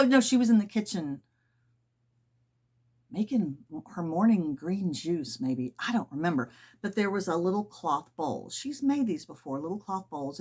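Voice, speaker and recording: A middle-aged woman chatting casually and rambling a little as she works through a sewing project at home. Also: fairly low pitch. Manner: chatty, rambling, soft-spoken asides. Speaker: sewing vlogger. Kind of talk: casual chat while sewing.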